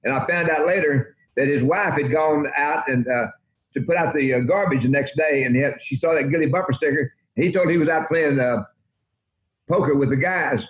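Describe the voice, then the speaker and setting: An older man in his eighties talks quickly in a slightly high voice, telling folksy, rambling anecdotes. The audio sounds roomy and dull, like a lo-fi remote recording. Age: 80s. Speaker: country music guest. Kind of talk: interview storytelling.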